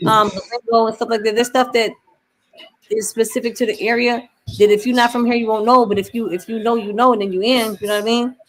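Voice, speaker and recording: A woman's voice: on the high side, fairly even intonation, a little fast. A woman from Buffalo hosting a casual chat, with a mixed Southern and New York accent, rambling loosely with lots of "you know what I mean.". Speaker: host.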